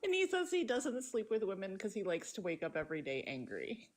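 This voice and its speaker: A woman's voice: mid-range voice, huge pitch swings, fairly quick. A woman hosting a casual live stream, chatting and calling out to the others by name. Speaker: stream host.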